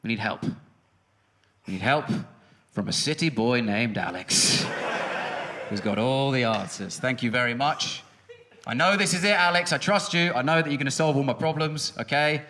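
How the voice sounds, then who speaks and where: A man's voice: medium pitch, normal speed, a little hiss or hum. A man, performing a sarcastic, punchy stand-up comedy set on the stage of a large music hall. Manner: animated, sarcastic, punchy delivery with shouted bits. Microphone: stage microphone.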